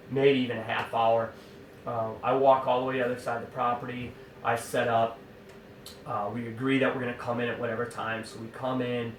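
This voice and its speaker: A man telling an animated, exasperated hunting-camp story in a casual way, full of fillers and asides. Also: medium pitch, slight background noise. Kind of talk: casual spoken anecdote. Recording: roomy sound from a distant mic.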